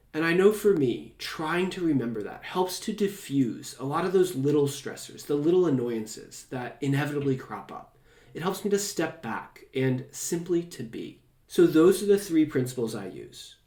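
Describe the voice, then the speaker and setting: Male host, middle pitch, gentle unhurried meditation-guide delivery, roomy echo. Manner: soft, slow and soothing, drawn-out phrases. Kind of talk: calm guided meditation talk.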